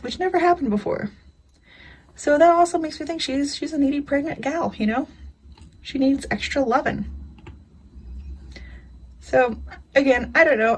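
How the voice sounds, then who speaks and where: Breathy, fairly high-voiced woman chatting. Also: poor audio. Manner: chatty, rambling storyteller with frequent "you know" and laughs. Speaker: craft vlogger. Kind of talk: casual chat.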